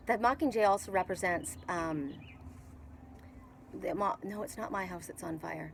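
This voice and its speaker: A woman's voice: lowish voice, moderate pace, creaky, long pauses, slight background noise, poor audio. A middle-aged woman from Canada with a Canadian accent, giving a casual spiritual tarot reading on an outdoor patio and rambling with many restarts and fillers. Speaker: tarot reader.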